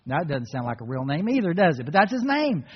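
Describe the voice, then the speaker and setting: A man preaching a sermon as a pastor, retelling a story in an earnest, storytelling manner and dropping to soft, reflective tones. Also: a little high, sing-song, quick pace, husky. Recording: reverberant hall, dull muffled sound.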